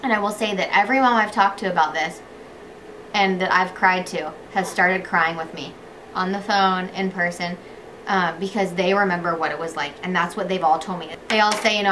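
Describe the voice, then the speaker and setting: A young woman vlogger talking earnestly to camera, heartfelt and dropping to a hush when it gets emotional. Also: on the low side, normal speed, a little hiss or hum. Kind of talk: casual chat to camera.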